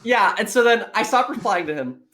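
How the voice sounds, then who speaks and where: A woman guest in casual chat, telling an animated story, swearing freely and acting out quotes. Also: on the high side, brisk.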